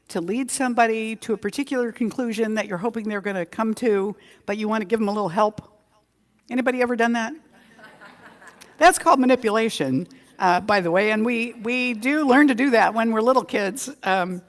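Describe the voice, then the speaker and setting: Woman minister, conversational sermon, slow stressed words, long hall reverb. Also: fairly high pitch. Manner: conversational, drawn-out emphasis on key words. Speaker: senior minister. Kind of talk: Sunday sermon with a joke story. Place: community center hall.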